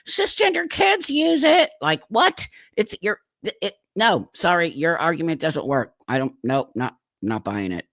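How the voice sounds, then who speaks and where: A man's voice: mid-range voice, a bit bright, dry recording, studio quality. A man hosting his own channel, giving indignant reaction commentary on a clip and repeating points for emphasis.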